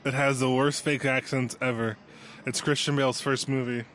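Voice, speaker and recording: A man's voice: mid-range voice, level tone, moderate pace, fairly bright tone. A man chatting casually as a podcast guest, wisecracking. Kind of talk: casual chat.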